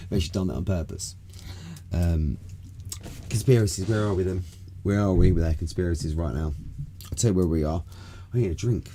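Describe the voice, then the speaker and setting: Low-voiced rambling man. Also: a little fast, mellow, slight background noise. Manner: rambling, loose and chatty, swears freely. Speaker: live-stream host. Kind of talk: casual live-stream chat. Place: home room.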